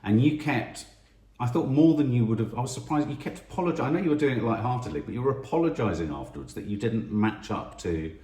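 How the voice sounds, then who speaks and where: A man's voice: mid-range voice, animated, fast talker, mellow, distant mic. A middle-aged man, talking animatedly and restarting often, co-hosting a candid podcast chat with his partner. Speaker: podcast co-host. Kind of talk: candid couple's conversation. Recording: echoey room, a little off-mic.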